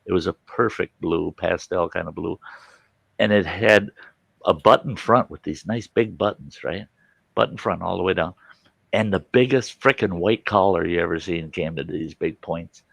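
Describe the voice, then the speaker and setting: A man's voice: low voice, normal speed, gravelly, no echo. A man hosting a casual chat, telling a childhood story and acting out his family's voices. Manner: animated, acts out voices of family members. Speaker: host.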